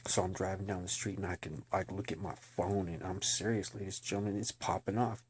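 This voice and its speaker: A man's voice: deep voice, steady tone, fairly quick, slight background noise. A man giving an earnest personal testimony, talking bluntly and slangily and addressing his listeners directly. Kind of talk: emotional personal testimony to camera.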